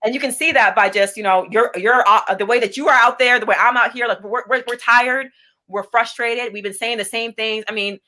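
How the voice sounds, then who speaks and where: A woman's voice: on the high side, a little fast, pushed and bright. A young adult woman as an interview guest, speaking candidly with blunt intensity and frequent restarts. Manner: impassioned, blunt, repeats words when starting sentences. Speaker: interview guest, business owner.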